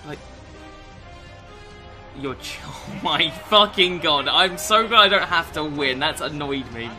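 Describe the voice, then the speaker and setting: A young man commentates on his own gameplay in a high, sharply bright voice. He swears constantly and lurches between grumbling under his breath and loud outbursts. Faint music plays behind him. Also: lively intonation, a little slow. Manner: swears constantly, swings from low muttering to shouting. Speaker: gaming YouTuber.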